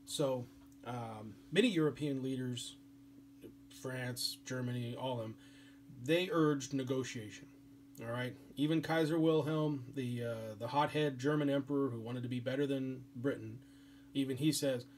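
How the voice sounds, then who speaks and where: A male history teacher delivers a classroom lecture in a relaxed, chatty way, full of fillers and restarts. His voice sits at a middle pitch. A faint hum runs underneath. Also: measured pace. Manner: casual, chatty, filler-heavy.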